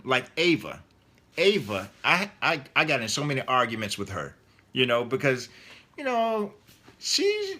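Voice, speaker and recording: A man's voice: a little high, bright, forceful tone. A middle-aged man, an author, answering interview questions in a loose, rambling way with many fillers and restarts.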